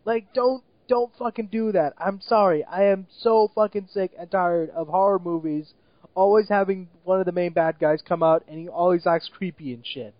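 A man's voice: high voice, normal speed, no echo, lo-fi sound. A man co-hosting a casual movie review chat, ranting with exasperation, swearing often and laughing at what he mocks. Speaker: movie review podcast co-host.

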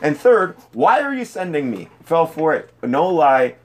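A man's voice: on the high side, big pitch swings, a little slow. A man co-hosting a podcast, joking crudely and firing off questions in casual chat. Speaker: podcast co-host.

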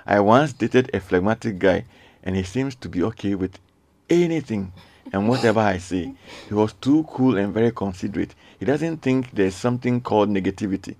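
Deep gravelly radio host. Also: male voice, moderate pace, darkish tone, no echo. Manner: earnest, reads listener messages aloud, repeats pleas. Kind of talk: radio call-in talk show. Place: radio studio.

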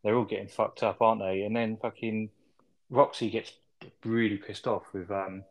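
A man's voice: lowish voice, level tone, normal speed. A man co-hosting a casual film review podcast, recapping scenes in a rambling, sweary way with tag questions.

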